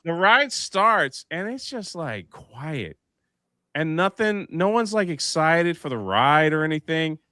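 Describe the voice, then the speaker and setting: A man's voice: fairly high pitch, slow, no room sound, clean studio sound. A man hosting a casual live panel show, telling a story and acting out the voices in it. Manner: animated, acts out the voices in his anecdotes.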